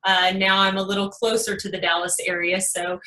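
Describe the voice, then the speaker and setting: A woman's voice: medium pitch, little pitch movement, fairly quick, bright, forceful tone, reverberant, distant mic, low-quality recording. A woman in her thirties from Texas with a Texas twang, chatting as a guest in a casual interview with a folksy manner and plenty of fillers.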